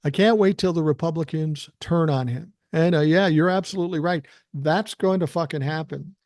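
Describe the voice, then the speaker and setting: An older man hosts a casual live stream from his living room, ranting bluntly and swearing plenty, as a podcast host would. His voice is fairly high with a darkish tone and normal speed, captured in studio quality with no room sound.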